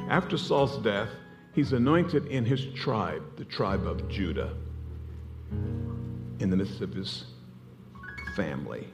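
A man preaching a sermon, telling a story with energy and acting out the voices of the people in it. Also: lowish voice. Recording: hall reverb with music behind. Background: music.

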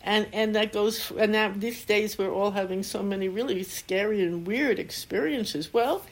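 A woman's voice: medium pitch, normal speed, a little hiss or hum. An older woman, a Zen teacher, giving a dharma talk with anecdotes and frequent laughter. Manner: warm storytelling, laughs often.

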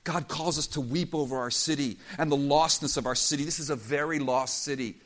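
Male pastor, high tenor, emphatic and impassioned sermon delivery. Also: fairly quick, fairly bright tone. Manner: impassioned, emphatic preaching with dramatic quoted voices.

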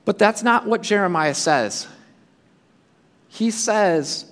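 A male preacher giving a sermon, speaking in a high voice with a lot of movement in his pitch. He acts out the imagined voices of the people he talks about. His voice rings out with a long reverb, as in a large hall. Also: lively intonation, takes it slowly, fairly bright tone. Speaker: pastor.

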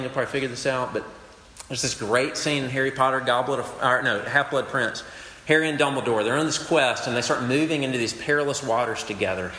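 A man's voice: medium pitch, fairly bright tone. A young man from Mississippi, preaching a sermon in an earnest, conversational way with casual asides. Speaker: campus preacher. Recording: echoey hall, faint background noise.

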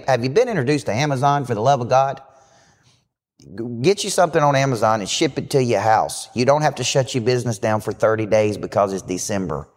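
A man hosting a live business show as a coach, giving a brash, fast-talking motivational pitch. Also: darkish tone. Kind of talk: live podcast talk. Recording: hall reverb.

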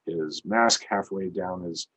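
Low husky-voiced man. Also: takes it slowly, a bit bright, poor audio. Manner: earnest, reflective storytelling. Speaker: podcast co-host. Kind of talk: casual conversation.

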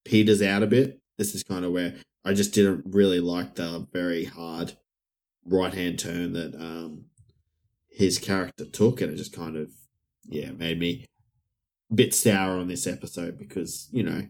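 A man's voice: sits low, steady tone, measured pace, creaky, darkish tone. A man co-hosting a podcast, talking casually with a hesitant, mildly cynical manner. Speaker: podcast co-host. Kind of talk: casual chat.

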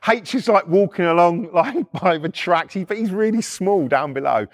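A middle-aged man telling a rough, profane story in casual chat, acting out the other people's voices as he goes. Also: high voice, normal speed, hardly any pauses. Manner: animated, swears constantly, acts out voices. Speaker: podcast storyteller.

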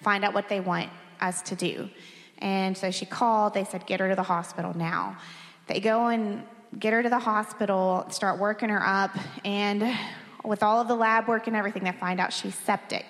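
A woman's voice: medium pitch, fairly even intonation, moderate pace, a bit bright. A woman in her thirties, a pastor, telling a candid and emotional personal story during a sermon, with light laughs between phrases. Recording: long hall reverb.

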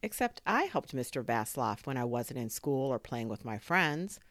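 A woman reading a children's chapter book aloud, expressive and full of sound effects. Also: rumbling low, moderate pace, no room sound, clean studio sound. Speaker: story reader.

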